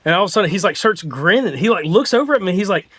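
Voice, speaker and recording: A man, a podcast host, telling a story in casual chat and acting out the quotes with animated energy. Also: sits high, very fast, slight background noise. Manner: animated, excitable storyteller who acts out quotes.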